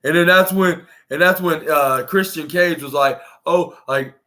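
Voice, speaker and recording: A man's voice: on the high side, moderate pace, bright, forceful tone. A man hosting a podcast, recapping a show in a casual, rambling way with lots of fillers and restarts. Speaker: podcast host.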